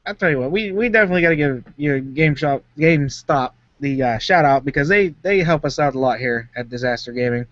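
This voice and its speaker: A man's voice: medium pitch, expressive, quick pace, few pauses, fairly bright tone, no echo. A man co-hosting a gaming podcast, telling stories casually. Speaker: podcast co-host. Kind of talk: casual chat. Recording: dry, muffled lo-fi.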